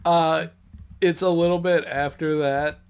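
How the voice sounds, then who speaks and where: A man's voice: fairly high pitch, steady tone, unhurried, clean tone. A man co-hosting a casual comics podcast, laid-back, mostly giving short agreeing replies and laughing along. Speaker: podcast co-host. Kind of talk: casual chat about comics.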